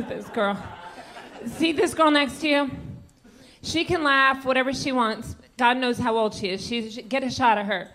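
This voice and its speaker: A woman's voice: sits high, a little slow, fairly bright tone. A woman doing a stand-up set in a comedy club, brassy and teasing people in the audience. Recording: live club audio with crowd noise.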